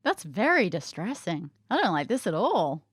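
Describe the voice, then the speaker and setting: A woman playing a mystery game, reacting in an expressive, outspoken way. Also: on the low side, normal speed, husky, no room sound, clean studio sound. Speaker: player. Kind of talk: casual game chat.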